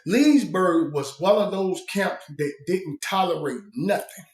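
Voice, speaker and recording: A man casually telling a story about his time in prison. His talk is blunt and profane, full of fillers, and he changes his voice to act out the people he quotes. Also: a little slow. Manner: shifts pitch and loudness to act out quoted people. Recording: roomy echo.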